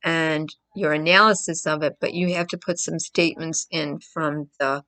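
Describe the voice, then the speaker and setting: A woman's voice: sits low, steady tone, moderate pace, pushed and bright. A woman vlogger talking to camera in casual commentary, emphatic and prone to repeating herself for stress.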